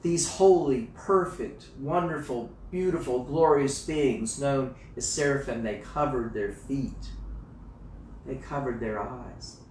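A male pastor delivering a sermon, swinging between hushed, slow phrases and loud, emphatic exclamations. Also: mid-range voice, a little hiss or hum. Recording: roomy, distant mic with faint ambience.

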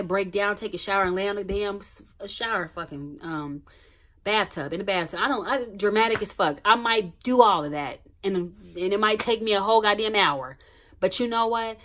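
A woman talking straight to camera in a casual motivational vlog. She is blunt and emphatic, swears freely, repeats phrases for weight, and swings between loud outbursts and hushed, near-whispered asides. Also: mid-range voice. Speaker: motivational vlogger.

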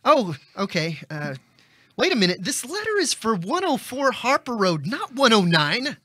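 A woman playing laid-back, deadpan characters in comedy sketches. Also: fairly high pitch, moderate pace, a little hiss or hum. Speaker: sketch performer.

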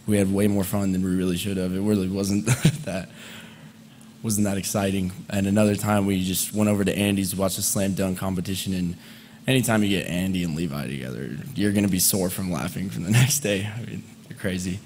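A man in his twenties speaking as a friend at a memorial service, conversational and halting, with fillers and soft laughs. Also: low voice, steady tone, a little hiss or hum. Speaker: eulogist, friend of the deceased. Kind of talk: memorial eulogy. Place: memorial service hall, indoors.

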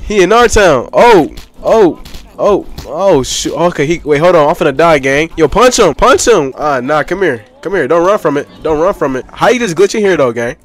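A man's voice: on the high side, lively intonation, normal speed. A young man giving casual gameplay commentary, hyped and full of slangy trash talk. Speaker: gaming YouTuber.

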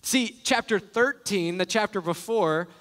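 Man, pastor, high voice, conversational sermon, lively storytelling, live church reverb. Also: unhurried. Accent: Texan. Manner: conversational, animated storytelling with acted-out exclamations. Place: church sanctuary.

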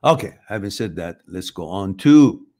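Blunt, swearing man with lively pitch. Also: normal speed. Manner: blunt, swears freely, emphatic. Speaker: host. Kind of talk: motivational talk to viewers.

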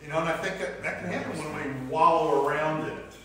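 A man's voice: a little high, fairly even intonation, a little fast, a bit bright, a little hiss or hum. Conversational man teaching a church class. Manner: conversational, asks the class questions, acts out inner voices. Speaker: Sunday school teacher. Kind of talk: church class lesson with discussion. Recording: echoey room from a distant mic.

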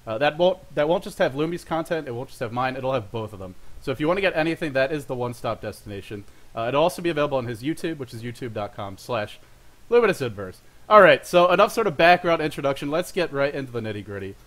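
A young man talks quickly through a casual monologue for his own show. He rambles, pokes fun at himself and fills gaps with "uh" and little laughs, his voice sitting at an ordinary middle pitch. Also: expressive, fairly bright tone. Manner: rambling, self-deprecating, with frequent fillers and laughs. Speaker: show host.

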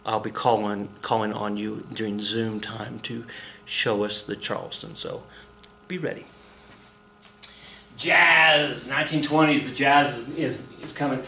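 Out of breath, a man lectures on history in a recorded class, full of jokes, little character voices and counted dance steps. His voice is mid-range, and the room is echoey.

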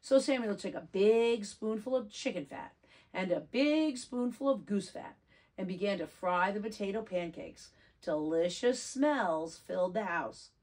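A preschool teacher reading a picture book aloud to children, gentle and expressive. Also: female voice, medium pitch, unhurried.

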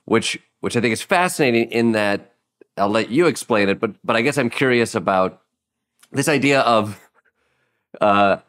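Brief: male podcast host, lowish voice, casual and rambling interviewer. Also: expressive, moderate pace, fairly bright tone. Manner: rambling, searching questions with restarts.

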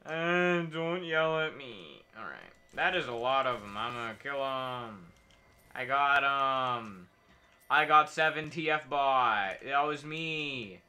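Slow, very bright-voiced male streamer. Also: medium pitch. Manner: joking, rambling, mock-patriotic bits. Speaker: game streamer. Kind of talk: casual gameplay commentary.

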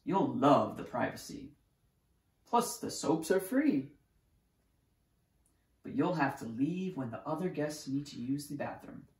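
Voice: mid-range voice, animated, unhurried, pauses often, voice pushed up, natural voice. A reader voicing a bossy, self-assured little girl who plays hotel owner, speaking politely and firmly, in a roomy echo. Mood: proud.

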